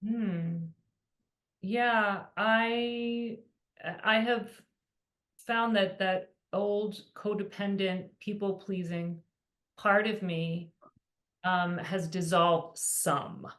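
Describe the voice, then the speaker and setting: A woman from Texas, a healer guest, answering gently and hesitantly in an interview. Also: medium pitch, steady tone, drawn-out words. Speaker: guest healer and yoga teacher.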